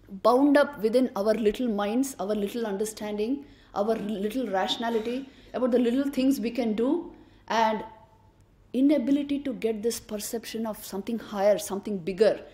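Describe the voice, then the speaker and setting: Woman monastic, emphatic storyteller, higher voice, echoey lecture hall. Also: a little mellow. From India. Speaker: monastic speaker. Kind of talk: spiritual lecture.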